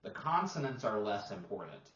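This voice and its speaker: Co-hosting a podcast, a language teacher explains things patiently and casually, modeling sounds and leaning on plenty of fillers. His lowish, slightly bright voice swings widely in pitch at a normal speed, heard from a distant mic with roomy, dull lo-fi sound.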